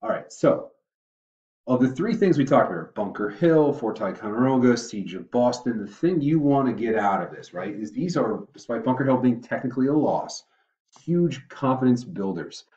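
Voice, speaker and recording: A man's voice: medium pitch, sing-song, moderate pace, a little mellow, recorded from a distance. A man teaching a casual history review lesson, chatty and often correcting himself as he explains. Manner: chatty, self-correcting, uses asides and filler. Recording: muffled roomy audio from afar.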